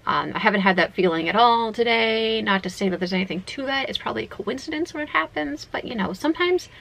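A fairly high woman's voice with a gravelly, fry-filled edge. She chats away to herself in a casual, excitable way while playing a game at home. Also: fast talker, low-quality recording. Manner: chatty, excitable, talks to herself. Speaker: vlogger. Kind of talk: casual gaming vlog.

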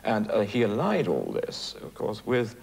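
Very deep gravelly man reflecting. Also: huge pitch swings, unhurried, a little mellow. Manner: reflective, hesitant with many fillers. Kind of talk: documentary commentary.

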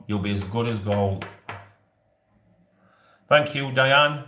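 A man's voice: on the low side, animated, moderate pace, long pauses, bright, forceful tone. A man in his forties with a Yorkshire accent, hosting a casual live stream and rambling jokily to his viewers with frequent laughs. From Yorkshire, England. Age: 40s. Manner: jokey and rambling, often laughing. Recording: roomy echo.

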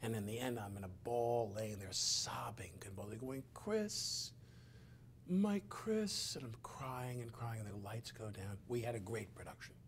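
A man's voice: lowish voice, fairly even intonation, moderate pace, few pauses, slight background noise. Middle-aged male host telling stories. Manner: rambling storyteller, acts out scenes with many fillers. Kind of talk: conversation.

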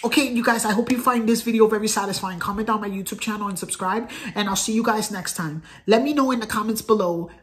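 A man's voice: high voice, quick pace, hardly any pauses, a bit bright. A man in his thirties, talking casually to camera as a vlogger in an earnest, rambling way and repeating phrases. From United States. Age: 30s. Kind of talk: casual direct-to-camera vlog.

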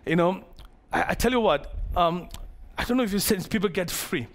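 A man preaching a sermon as pastor to his congregation, animated, acting out the characters of the story and joking with the crowd. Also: high voice, normal speed. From Malaysia. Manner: playful asides to the congregation.

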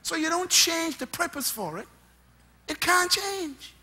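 A high-voiced male preacher with a husky, sharp tone. He delivers his sermon in lively swoops, listing his points emphatically and swinging between loud bursts and quiet asides. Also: unhurried.

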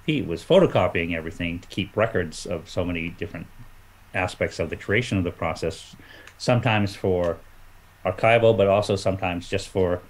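A man's voice: deep voice, moderate pace, poor audio. A man talking as a guest comic artist in a casual chat, rambling through memories with lots of fillers and restarts.

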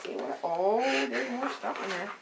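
A woman's voice: fairly high pitch, unhurried, creaky. A woman talking to her dog in a coaxing, sing-song way while filming a home video indoors. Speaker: dog owner.

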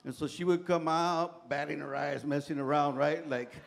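Man, pastor, high voice, middle-aged, casual storytelling sermon, slangy asides. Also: steady tone, normal speed, vocal fry. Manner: casual, colloquial storytelling with frequent "man" and "right?". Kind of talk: sermon with humorous personal stories. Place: church sanctuary.

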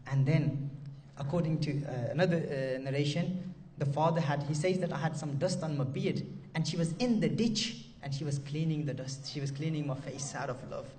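A man's voice: a little high, moderate pace, a little mellow, far from the mic, a little hiss or hum. A man preaching an emotional sermon, telling stories with impassioned repetition and Arabic devotional phrases.

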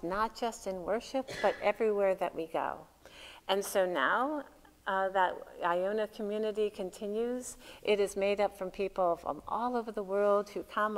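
Woman pastor, lowish voice, chatty reflective sermon delivery, long church reverb. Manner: conversational and reflective, with fillers. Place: church sanctuary.

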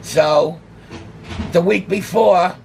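An older New man with a deeply gravelly, rough voice spins a casual story, jumping into the voices of the people in it. He sits a little high in his register, and a faint hum of room ambience sits under him. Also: very slow. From New York City. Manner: animated, acts out quoted dialogue. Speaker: guest, autograph collector.

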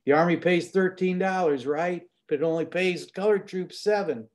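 A man's voice: high voice, normal speed, voice pushed up, lightly acted. A man voicing a proud, scheming male militia captain who talks up his plans boastfully. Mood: persuasive. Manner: boastful, persuasive, rising enthusiasm.

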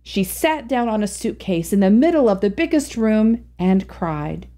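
Expressive, mellow-voiced woman storyteller. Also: medium pitch, a little slow. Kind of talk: reading a classic short story aloud.

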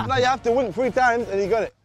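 Excitable, very high-voiced man. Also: vocal fry. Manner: loud, excitable, laughing. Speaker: group video member. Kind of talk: excited group banter.

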